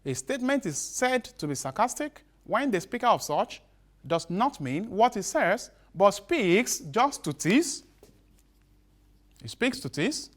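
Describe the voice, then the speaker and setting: A male teacher giving a broadcast literature lesson, repeating each definition slowly with halting restarts. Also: sits high.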